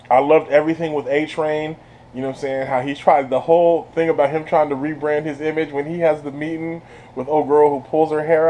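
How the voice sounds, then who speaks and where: A man giving a casual spoiler review of a TV series. He laughs often, talks in slang and sounds animated. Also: on the high side. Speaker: TV show reviewer.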